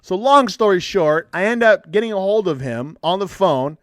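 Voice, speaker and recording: A man's voice: sits high, moderate pace, dry recording, studio quality. A man who works as a counselor, telling a story in casual podcast chat, acting out what people said and cursing lightly. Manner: animated, acts out quotes, swears lightly. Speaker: addictions and mental health counselor.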